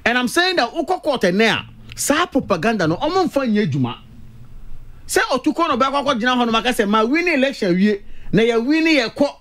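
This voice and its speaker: Ghanaian male radio panelist, high lively voice, hammers his points home. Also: fairly quick. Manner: emphatic, repeats key words, mixes English and Twi. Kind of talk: radio political discussion.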